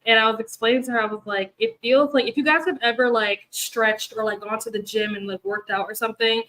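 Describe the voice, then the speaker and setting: A woman's voice: a little high, steady tone, brisk, fairly bright tone, low-quality recording. A tired young woman, hosting a reading livestream, who chats in a rambling way and laughs often. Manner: rambling and chatty, laughs often, many fillers. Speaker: booktube host of reading sprints. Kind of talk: casual livestream chat to viewers.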